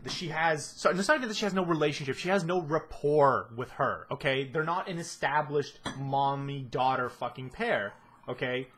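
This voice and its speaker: A man's voice: on the high side, moderate pace, a bit bright. A man giving a ranting analysis of a show, exasperated and swearing heavily. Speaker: video commentator.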